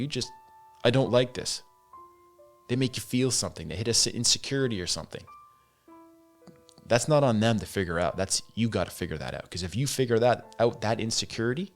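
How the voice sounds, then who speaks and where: A man with a lowish voice talks on his own, loose and candid, swearing now and then and calling the listener "man". Faint music plays under him. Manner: candid, swears freely, says "man" and "dude". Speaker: podcast host. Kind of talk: casual solo monologue.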